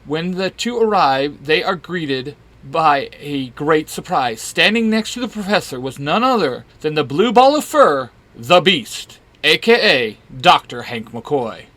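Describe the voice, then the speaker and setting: A man reads a comic fan story aloud. His voice is bright and lively, with a slightly higher pitch and a lot of expressive movement. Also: unhurried, few pauses, dry recording. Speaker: narrator.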